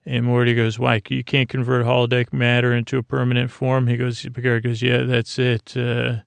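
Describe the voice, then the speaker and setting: A man hosting a podcast, retelling a TV episode in a drowsy, halting way with lots of fillers and restarts. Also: mid-range voice, completely flat delivery, creaky, smooth, no echo. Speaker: podcast host. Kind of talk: sleepy comedic episode recap.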